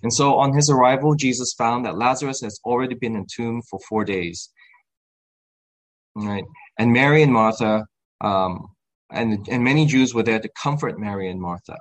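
A man preaching a sermon in an earnest voice, stopping to restart his phrases and acting out the quoted lines with a lifted voice. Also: poor audio. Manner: earnest, acts out quoted lines with rising pitch; halting with restarts and fillers.

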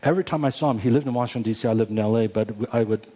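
A man's voice: medium pitch, racing, warm tone. A man in his forties, a pastor, earnestly telling a personal story in a sermon. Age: 40s. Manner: earnest storytelling with many restarts. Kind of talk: sermon testimony.

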